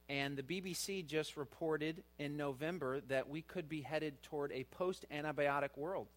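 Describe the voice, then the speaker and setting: A middle-aged man preaching a sermon as pastor, earnest, his voice rising louder for emphasis. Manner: earnest, rises in pitch and volume for emphasis.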